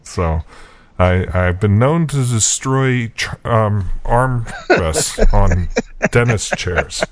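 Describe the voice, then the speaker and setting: A man's voice: lowish voice, expressive, slow pace, dry recording. A man hosting a podcast, telling a rambling, self-mocking story in a casual chat with many fillers and chuckles. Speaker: podcast host.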